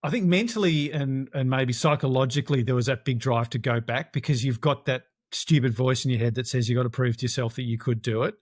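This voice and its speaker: A man's voice: mid-range voice, fairly quick, few pauses. A middle-aged man recounts an adventure race as an interview guest. He talks animatedly and acts out the voices of other people in his story. His voice sits in a middle range and sounds close and dry, with no room echo. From Australia. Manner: animated, acts out quoted dialogue.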